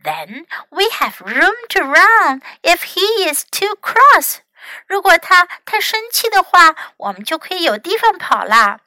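A woman's voice: very high voice, sing-song, unhurried, pushed and bright, no echo, voice pushed up, exaggerated voice. A woman voicing a timid, nervous young animal who frets and pleads anxiously. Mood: eager.

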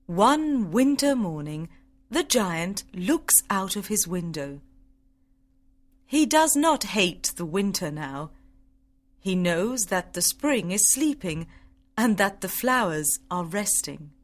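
Woman narrator, slow clear reading for English learners. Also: medium pitch, very animated. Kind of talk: graded-reader audiobook narration for English learners.

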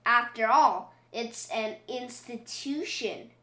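A teasing storybook father, read by a woman, with a dry, joking edge. The voice is bright and unhurried. It sits in a roomy, echoing space. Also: a little high. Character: jovial, teasing father pig. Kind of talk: storybook reading. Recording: roomy echo.

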